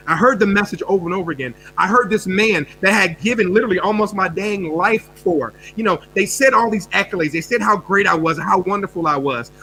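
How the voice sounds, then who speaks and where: A man from the United States talks with a high, sharp, forceful voice. He tells his story energetically, repeating words and swinging from quick bursts to quiet drops. A faint mains hum sits under the recording. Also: poor audio. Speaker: guest speaker and coach.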